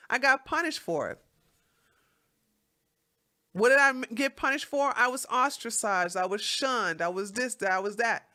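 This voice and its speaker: A woman's voice: medium pitch, bright, forceful tone. Heated, swearing woman livestream host. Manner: blunt, swearing, heated and emphatic; reads viewer comments aloud. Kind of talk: profane livestream rant.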